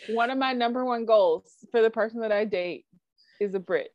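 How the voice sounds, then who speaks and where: An animated woman co-hosts a casual podcast and keeps drifting into asides. Her voice is recorded dry, with a dull, lo-fi tone. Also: a little high, moderate pace, dry recording. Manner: animated, with frequent likes and asides. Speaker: podcast co-host. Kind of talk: casual chat.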